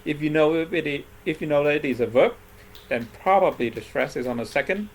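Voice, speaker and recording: A man with a somewhat high voice leads an English lesson. He is patient and keeps checking in with "right?" and "okay?" as he explains each point. A faint background hum sits under his voice. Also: fairly quick. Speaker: English teacher. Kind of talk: classroom lesson explaining word stress.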